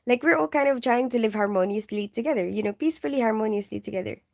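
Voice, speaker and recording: A woman with a mixed Filipino and English accent chats casually to her livestream viewers. Her voice sits a little high, and she giggles often and leans on "like" and "you know" as she answers questions. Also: fast, creaky, darkish tone. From Philippines. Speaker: nurse and livestream host.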